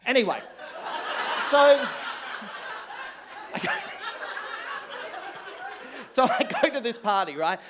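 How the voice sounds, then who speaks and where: High-voiced Australian man telling jokes. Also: a bit bright, slight background noise. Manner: rambling storytelling with many "right?" tags and laughs. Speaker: stand-up comedian. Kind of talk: live stand-up comedy. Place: small comedy club with live audience.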